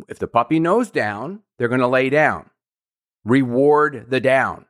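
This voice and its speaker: A man hosting a podcast, giving calm, repetitive step-by-step puppy training instructions. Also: medium pitch, measured pace.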